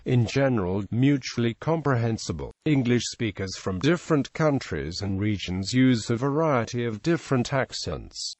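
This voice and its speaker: A male narrator reads an encyclopedia article in an animated, rising and falling voice. His delivery is recorded dry and close, with no room sound at all. He steps steadily through long lists of place names. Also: medium pitch, no room sound. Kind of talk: read-aloud encyclopedia article.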